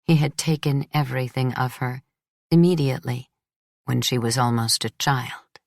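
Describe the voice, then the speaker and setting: Low-voiced woman narrating an audiobook. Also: normal speed, creaky, dry recording, studio quality. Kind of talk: first-person literary narration.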